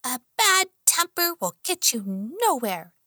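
A woman voicing a small, grumpy, protective male talking dog in an audiobook, with a squeaky, drawling way of throwing out wisecracks. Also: big pitch swings, takes it slowly, bright, forceful tone, no echo, studio quality, heavily acted. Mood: sassy. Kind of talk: audiobook character voice.

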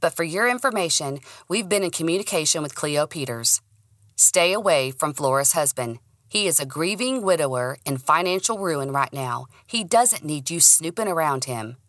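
A woman's voice: deep voice, lively intonation, moderate pace, fairly bright tone, no room sound, clean studio sound. A woman voicing a stern, bullying male police detective in an audiobook, curt and threatening.

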